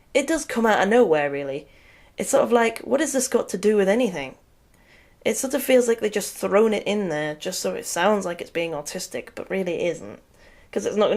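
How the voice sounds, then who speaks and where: A woman's voice: fairly low pitch, creaky. A woman giving a casual, rambling rant review, sarcastic and often breaking into laughter. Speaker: video reviewer.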